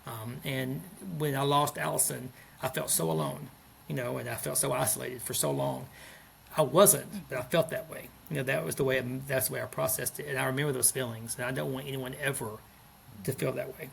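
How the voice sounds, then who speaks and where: A deeply gravelly man in his fifties talks in a gentle, earnest, reflective way as a podcast guest. He often restarts his sentences, and his pitch sits in an ordinary middle range. A faint hiss runs underneath. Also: fairly even intonation, fairly quick. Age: 50s. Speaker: school principal, guest.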